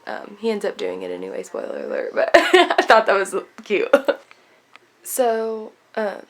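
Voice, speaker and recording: A woman's voice: fairly high pitch, sing-song, unhurried. A young woman chatting casually about a novel she is reading, giggling often and filling her talk with "like". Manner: giggly, gushing, lots of filler likes. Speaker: book vlogger. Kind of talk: casual chat retelling a book.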